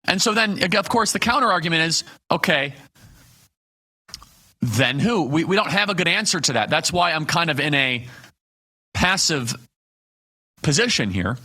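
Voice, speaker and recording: A man hosting a live political talk show, speaking in a bright, forceful voice that sits a little higher than most. He builds his points through rhetorical questions and punchy lists, hitting each one hard. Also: expressive, normal speed.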